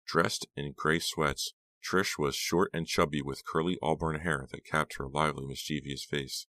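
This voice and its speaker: A man narrating an audiobook in a measured storytelling manner. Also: rumbling low, steady tone, bright, forceful tone, no echo. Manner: measured storytelling, voicing all characters. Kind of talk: scripted narration.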